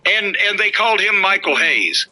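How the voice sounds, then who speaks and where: A middle-aged man with a high, very sharp, cutting voice tells old stories in a casual podcast chat. He is blunt and mocking, and he swears freely as he tears into his subject. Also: big pitch swings, moderate pace, soft background music, poor audio. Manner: blunt, profane, mocking storyteller. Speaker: podcast host, former wrestling worker.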